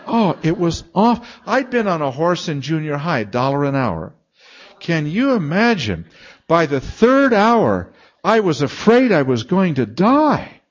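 An older man delivers a storytelling sermon in a chatty, self-mocking way. His voice sits at a middling pitch but leaps around expressively. The recording is a bit dull and lo-fi. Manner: chatty, self-mocking, acts out moans and laughs. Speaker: guest preacher and Bible teacher.

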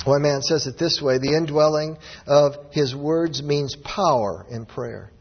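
A man's voice: on the high side, a little slow, husky. A man preaching a sermon with emphatic, rising exclamations. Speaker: pastor. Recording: dull lo-fi audio with long hall reverb.

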